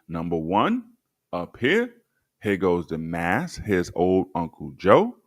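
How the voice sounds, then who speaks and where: Lively, low-voiced man hosting a stream. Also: slow pace, no room sound, clean studio sound. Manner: sardonic, talks straight to viewers. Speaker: livestream host. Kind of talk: livestream history commentary, reading documents to chat.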